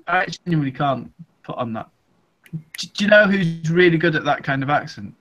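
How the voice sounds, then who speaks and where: A man's voice: a little high, animated, normal speed, pauses often, fairly bright tone, lo-fi sound, soft background music. Man, hesitant, restarts, casual chat. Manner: hesitant, lots of ums and restarts. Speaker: podcast co-host. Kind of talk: casual group chat over a call.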